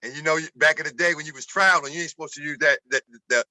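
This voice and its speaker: A man's voice: fairly high pitch, very fast, no room sound, rough recording. A middle-aged man with a Baltimore accent tells a story in a raised, cutting voice. He talks with lots of energy, repeating words as he goes. The sound is dry and close. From Baltimore, USA. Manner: animated, repeats words, acts out quoted voices. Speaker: guest, former college basketball player. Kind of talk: casual storytelling.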